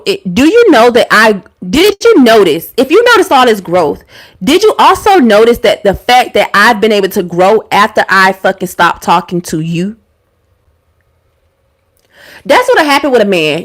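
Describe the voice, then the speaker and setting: A woman streamer telling a story to her viewers in a profane, animated rant, answering her chat as she goes. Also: mid-range voice, moderate pace. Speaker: YouTuber and live streamer.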